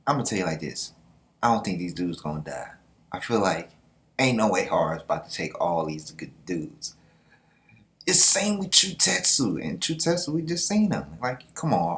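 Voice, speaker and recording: A man's voice: low-pitched, big pitch swings, normal speed, fairly bright tone. A man hosting a casual manga reaction, talking in a loose, slangy way with laughing asides.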